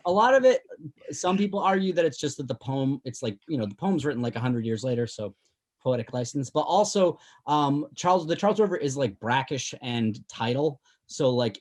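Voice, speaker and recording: A man's voice: mid-range voice, animated, a little fast, a little mellow. A man from near the South Shore with a light Boston accent, a podcast host chatting casually and explaining with lots of fillers and restarts. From Massachusetts, inland of the South Shore. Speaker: podcast host, former tour guide. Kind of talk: casual chat.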